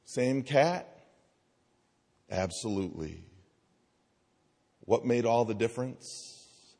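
A male pastor preaching a sermon, telling a story and acting out voices, slowing and softening on key phrases. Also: mid-range voice, expressive, vocal fry, breathy edge. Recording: long hall reverb.

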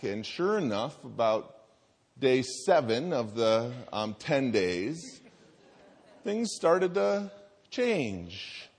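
Man, 30s, pastor, animated storyteller; higher voice, wide pitch swings, recorded in a large reverberant hall. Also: extremely slow, vocal fry. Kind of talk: sermon with personal story.

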